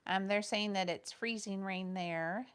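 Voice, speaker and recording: A woman co-hosting a livestream, reading viewer comments aloud and chatting casually, with frequent pauses and fillers. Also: mid-range voice, fairly bright tone, clean tone. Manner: reads out chat comments, hesitant with many fillers. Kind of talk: casual live-stream chat with viewers.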